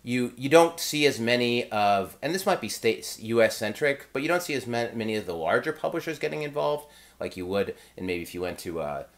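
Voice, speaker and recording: A man who designs and reviews games, telling a rambling convention story in a casual vlog with excited restarts. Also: medium pitch, a little fast, hardly any pauses.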